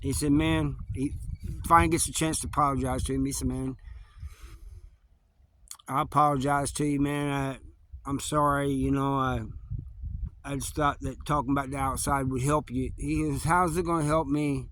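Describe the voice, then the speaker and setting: A man's voice: mid-range voice, level tone, normal speed, a bit bright, a little hiss or hum. A man casually retelling a prison story, rambling loosely and repeating "he goes" and "man" as he acts out the exchanges. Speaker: storyteller recounting prison life.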